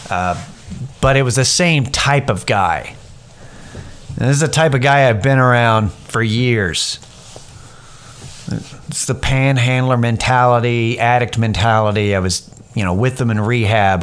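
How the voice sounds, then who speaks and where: A man's voice: mid-range voice, unhurried. A man in his thirties hosting a podcast, telling a personal story in a candid, rambling, profane way. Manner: candid, rambling, profane, animated when quoting others. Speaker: podcast host. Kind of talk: casual storytelling monologue.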